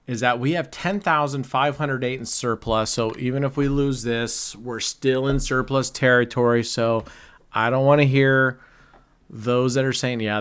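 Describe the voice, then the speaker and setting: A middle-aged man chats his way through a roulette session in an unhurried, drawn-out delivery. He jokes, laughs a lot and cheers or groans at each result. His pitch sits in a middle range for a man. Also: a bit bright, clear, resonant tone. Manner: joking, chatty, laughs often. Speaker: casino vlogger. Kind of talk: casual live commentary.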